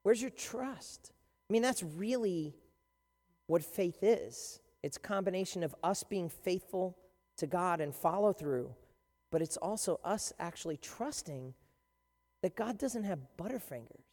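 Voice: medium pitch, measured pace. Emphatic preacher in a reverberant hall. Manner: animated storytelling, emphatic. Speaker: pastor. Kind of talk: sermon.

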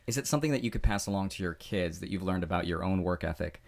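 A man's voice: low voice, expressive, quick pace, gravelly. A man hosting an interview in a sauna, asking long, rambling questions with several parts. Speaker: podcast host. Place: inside a sauna.

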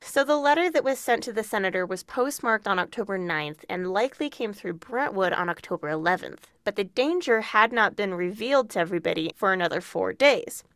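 A woman's voice: medium pitch, expressive, fairly quick, few pauses, fairly bright tone, no echo. A woman co-hosting a podcast, reading prepared true crime narration with casual asides. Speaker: podcast co-host.

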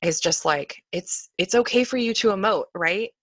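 A woman in her thirties co-hosting a casual parenting chat over a video call, animated and laughing often. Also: mid-range voice, moderate pace, no echo. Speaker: podcast co-host.

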